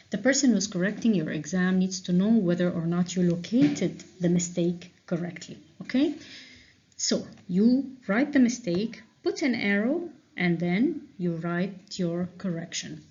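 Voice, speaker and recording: A woman teacher going through revision answers with a class, explaining slowly and checking in with frequent "okay?"s. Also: medium pitch, darkish tone, a little hiss or hum. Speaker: English teacher. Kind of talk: revision lesson walkthrough. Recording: dull lo-fi recording.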